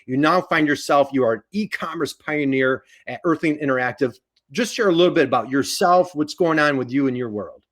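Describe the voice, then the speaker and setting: Chatty upbeat male host, higher voice. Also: a little fast, fairly bright tone. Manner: upbeat, chatty, restarts often. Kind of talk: casual live-stream chat.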